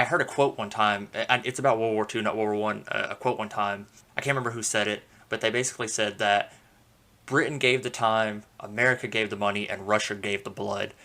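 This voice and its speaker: Male podcast host, low-pitched and bright, casual storyteller who leans on fillers and jokes. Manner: relaxed and conversational, with frequent fillers and playful asides.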